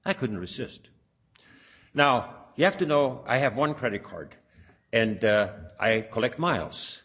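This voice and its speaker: A man's voice: mid-range voice, expressive, a little slow, fairly bright tone. Older man, rambling storyteller, muffled lo-fi recording. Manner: rambling, with many filler sounds and restarts. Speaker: speaker sharing a personal testimony. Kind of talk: anecdotal storytelling. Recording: dull lo-fi recording.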